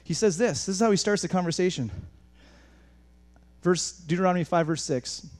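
A man preaching a sermon in an animated way, moving between quiet asides and raised, emphatic passages, with frequent restarts. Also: high-pitched, normal speed. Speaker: pastor.

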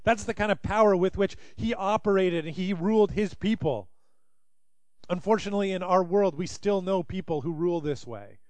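A man preaching a sermon, telling a story in an animated way and acting out the people he quotes. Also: high voice, normal speed, no echo. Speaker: pastor.

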